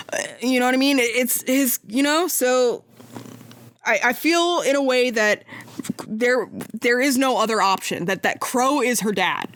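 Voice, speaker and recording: Young woman podcast host, slightly high voice, eager rambling fan talk full of fillers, dry close recording. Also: a bit bright, dry recording. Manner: rambling, enthusiastic fan theorizing, many fillers. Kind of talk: casual chat.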